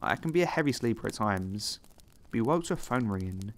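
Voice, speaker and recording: A man giving scripted narration of horror stories, reading in a calm, steady way. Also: lowish voice, fairly quick.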